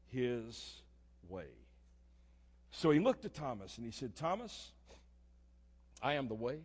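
An older man preaching a sermon in a church, swinging from soft, low murmurs to loud, emphatic declarations. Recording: long reverb of a church hall.

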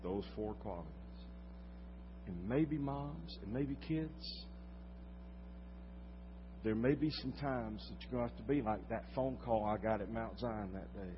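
A man's voice: on the low side, brisk, few pauses, noisy background. Older man, pastor, dramatic storytelling sermon, long echo in the hall, slightly muffled sound. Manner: dramatic storytelling, swinging from loud to hushed.

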